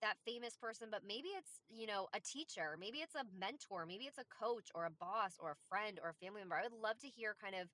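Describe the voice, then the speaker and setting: A woman hosting a live audio room, energetic and coaxing as she invites people to speak. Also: medium pitch, brisk, hardly any pauses. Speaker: host.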